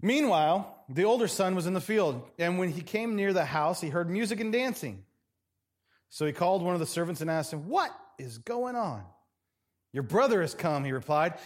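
A male pastor preaches in a church with a lively, wide-ranging voice that sits a little high. He is dramatic and swings from loud, emphatic phrases to hushed, near-whispered lines. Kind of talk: sermon.

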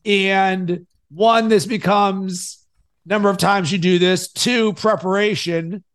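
A man hosting a podcast and coaching his guest, energetic, swinging between loud and soft to make his points. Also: high voice, slow pace, clear, resonant tone. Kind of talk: coaching conversation.

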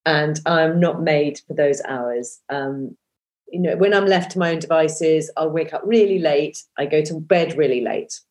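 A woman in her fifties talks as a guest in a relaxed interview, her voice sitting a little low. She rambles warmly through fillers and restarts and laughs at herself. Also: a little slow. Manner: chatty, self-deprecating, many fillers and restarts. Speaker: podcast guest, former breakfast TV presenter. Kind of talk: casual interview chat.

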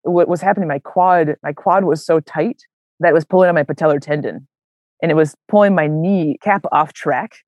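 A young adult woman telling a hiking story as an interview guest, animated and casual, full of "like" and "man". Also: deep voice, normal speed, no room sound. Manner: animated, many fillers like "like" and "man", acts out quoted voices. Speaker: interview guest, long-distance hiker.

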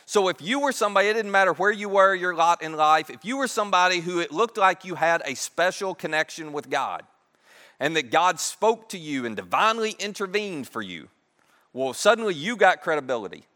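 A man's voice: high-pitched, animated, fairly quick, bright, forceful tone. A man preaching a sermon, telling the story in a conversational, humorous way. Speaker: pastor. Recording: echoey hall.

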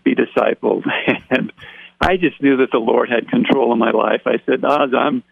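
Gravelly man telling his story by phone. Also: medium pitch, moderate pace, no echo. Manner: animated, acts out quoted dialogue. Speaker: interview guest. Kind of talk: personal testimony storytelling. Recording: tinny dry phone line.

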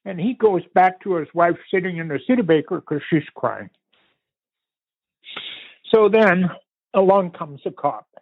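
A man's voice: high voice, lively intonation, breathy edge, no echo. Older man telling a story over a tinny line. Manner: unhurried, vivid storytelling with pauses and restarts. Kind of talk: recounting a family story in conversation. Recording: tinny phone-like line, dry.

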